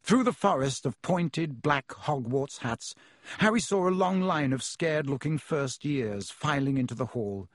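A man reading a storybook aloud in measured, expressive scripted narration, with a husky voice. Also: fairly high pitch, no room sound, clean studio sound. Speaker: audiobook narrator.

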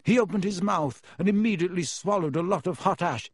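A man narrates a fantasy storybook in a measured, expressive reading. His voice sits a little high for a man, and the close studio mic leaves it completely dry, with no room sound at all. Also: husky, no room sound. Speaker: audiobook narrator.

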